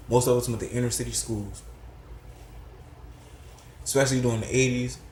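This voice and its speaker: A man's voice: medium pitch, darkish tone, echoey room, slight background noise. A middle-aged man giving a heated, profane commentary rant that rises into disbelieving outbursts. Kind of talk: ranting commentary.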